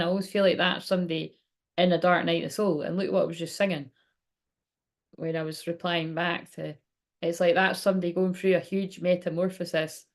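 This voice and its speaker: A woman hosting a casual live-stream tarot reading, chatting to viewers, laughing often and swearing casually. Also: on the low side. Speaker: tarot card reader and livestream host.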